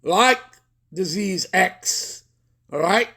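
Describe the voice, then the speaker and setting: A man teaching a bible-study sermon, reading verses slowly and often stopping to check that listeners follow. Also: sits high, lively intonation, vocal fry, sharp tone, husky. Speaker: scripture teacher.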